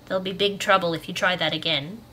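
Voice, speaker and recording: A woman voicing a tall, stern but fond male caretaker, speaking slowly in a deep voice with an accent. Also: fairly even intonation, bright, forceful tone, slight background noise. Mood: scolding.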